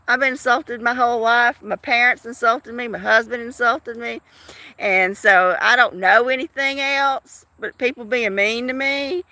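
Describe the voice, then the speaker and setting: A woman's voice: high voice, creaky, bright, forceful tone, no echo. A woman in her fifties, chatting casually to viewers of her live stream in a rambling, talkative way. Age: 50s. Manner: rambling, chatty, with frequent restarts and laughs.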